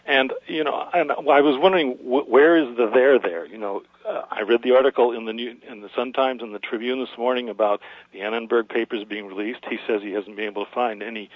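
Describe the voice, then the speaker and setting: A man's voice: medium pitch, fairly even intonation, brisk, dry recording. Radio caller: hesitant, skeptical man on a dull, dry phone line. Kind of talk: call-in radio talk.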